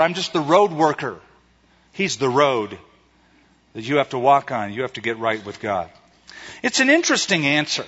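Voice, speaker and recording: A male preacher giving a sermon in a conversational, animated way, retelling stories and acting out quotes. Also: medium pitch, moderate pace, pauses often, husky. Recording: echoey hall, slightly dull sound.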